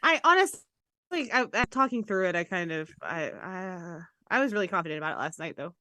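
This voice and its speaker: A woman's voice: lowish voice, expressive, fairly quick, bright, forceful tone, no room sound. A woman from Tennessee, co-hosting a podcast in casual chat, self-deprecating and laughing. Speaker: podcast co-host.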